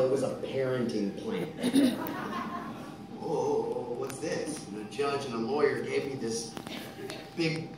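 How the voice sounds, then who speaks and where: A man's voice: mid-range voice, noisy background. A man in his thirties from Texas, telling a long rambling story between songs at a live show, profane and getting worked up. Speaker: musician telling a story on stage. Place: concert venue, live audience. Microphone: stage microphone. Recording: echoey live concert recording from far off.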